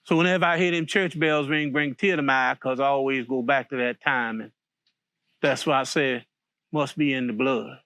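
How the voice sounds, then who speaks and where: A man voicing an old grandmother in a folk story, recalling being sold as a child, in a slow, mournful, lowered voice. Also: steady tone, bright, forceful tone, dry recording. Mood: sorrowful. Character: grieving old enslaved grandmother.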